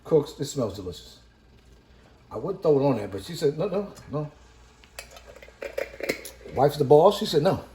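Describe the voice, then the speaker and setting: A man with a fairly high voice hosts a cooking vlog from his home kitchen. He is hyped and chatty, repeating catchphrases and calling out to his viewers as cooks. The room is echoey, with a faint hiss underneath. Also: sing-song, fairly quick, dark tone. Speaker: cooking vlogger. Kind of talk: casual cooking chat to camera.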